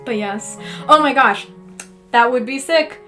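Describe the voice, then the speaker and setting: A woman's voice: high voice, a little slow. A young woman chatting casually and telling a rambling story while painting on a livestream. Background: soft guitar folk music.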